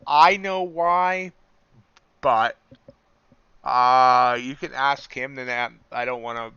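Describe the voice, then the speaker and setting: Smooth-voiced man, rambling stream talk. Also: mid-range voice, slow, sharp tone, dry recording, muffled recording. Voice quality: smooth radio-style voice. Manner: loose, rambling, self-deprecating, frequent restarts. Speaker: livestream trading host. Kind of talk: casual live-stream commentary.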